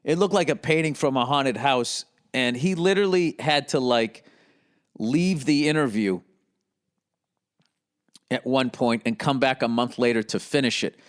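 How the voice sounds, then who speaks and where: A man rambling alone on his own podcast, in a blunt, profane, conversational way. He keeps breaking into quick mocking impressions of other people. His voice sits at an average pitch for a man. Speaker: podcast host. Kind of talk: rambling solo podcast monologue.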